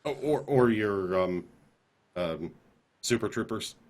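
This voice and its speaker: A man with a fairly low voice co-hosting a casual podcast. He explains with emphasis, gets animated when he makes a point, and often restarts his sentences. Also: slow pace. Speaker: podcast co-host.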